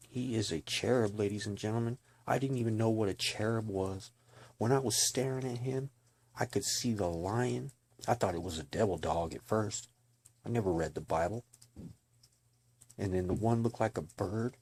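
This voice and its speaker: Husky low-voiced man giving testimony. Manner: earnest, blunt, and slangy, addressing listeners directly. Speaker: person giving a religious testimony. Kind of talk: emotional personal testimony to camera.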